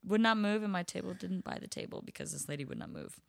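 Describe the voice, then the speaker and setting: A woman's voice: fairly low pitch, wildly swooping pitch, fast talker, vocal fry, no room sound, studio quality. A young woman, a bottle service waitress, telling work stories in casual chat, full of "like" fillers and swearing freely.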